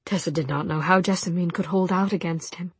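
A woman narrating an audiobook in soft, measured storytelling with a breathy voice. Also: fairly low pitch, fairly even intonation, dry recording. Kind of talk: scripted narration.

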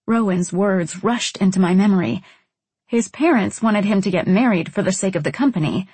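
Husky-voiced woman narrating an audiobook. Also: mid-range voice, moderate pace, a little mellow, dry recording. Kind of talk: first-person audiobook narration.

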